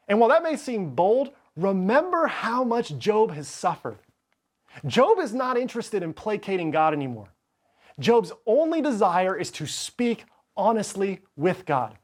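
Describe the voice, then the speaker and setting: A man preaching a sermon as pastor, reading scripture passages with dramatic delivery. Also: sits high. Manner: expressive, reads scripture dramatically.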